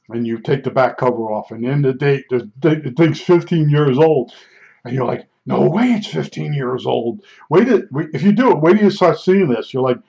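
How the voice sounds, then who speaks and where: A man's voice: medium pitch, darkish tone. A man in his sixties telling a digressive, folksy and blunt story in a casual monologue. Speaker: vlogger. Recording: dull lo-fi recording.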